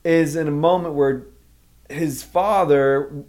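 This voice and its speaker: A man's voice: on the high side, steady tone, takes it slowly, a little mellow. Earnest man preaching a sermon. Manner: earnest, emphatic teaching, explaining a Bible passage. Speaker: pastor.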